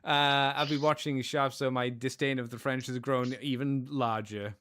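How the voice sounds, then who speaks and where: A man's voice: medium pitch, steady tone, normal speed, a bit bright. A man co-hosting a podcast in casual chat, rambling with lots of fillers. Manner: rambling, with many fillers and restarts. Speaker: podcast co-host.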